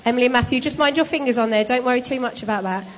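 A woman leading a group through a timed bed-making task, brisk, encouraging and teasing as she hands out jobs. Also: a little high, long reverb tail. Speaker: shelter volunteer leader running a bed-making activity. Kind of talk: casual instructions to a group.

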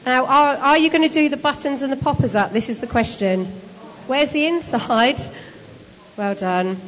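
A woman leading a group through a timed bed-making task, brisk, encouraging and teasing as she hands out jobs. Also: sits high, in a large hall. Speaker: shelter volunteer leader running a bed-making activity. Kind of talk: casual instructions to a group.

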